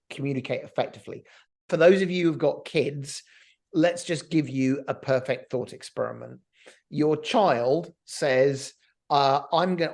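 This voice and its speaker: Here the middle-aged co-host of a business podcast has a gravelly, medium-pitched voice. He's lively in the casual conversation and performs the voices of the people he quotes.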